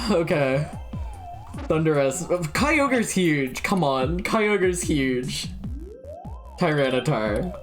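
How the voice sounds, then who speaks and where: A young woman streaming a game, blurting out guesses, swearing freely and laughing at herself. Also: rumbling low. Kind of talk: casual gameplay commentary.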